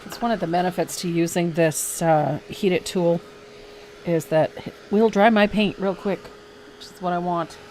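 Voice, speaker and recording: Woman host, live painting lesson; lowish, chatty, self-deprecating, easy laugh. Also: steady tone, normal speed, a little mellow, slight background noise.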